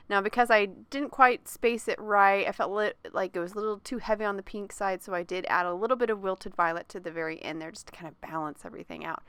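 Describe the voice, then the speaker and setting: A woman's voice: medium pitch, a bit bright, clean tone, dry recording. A woman talking casually through a crafting tutorial, explaining each step as she goes and correcting herself now and then. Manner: chatty, self-correcting, occasional light laughs. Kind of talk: relaxed craft demonstration voice-over.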